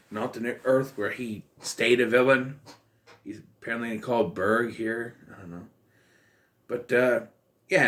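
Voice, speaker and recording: A man's voice: mid-range voice, fairly bright tone. A man in his thirties giving a casual, exasperated and blunt film review, with bursts of profanity. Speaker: movie reviewer.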